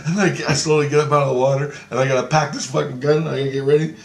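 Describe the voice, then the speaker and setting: A man telling a dream story in a casual, excitable way, swearing freely and jumping into a higher voice for quoted lines. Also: quick pace, few pauses, reverberant.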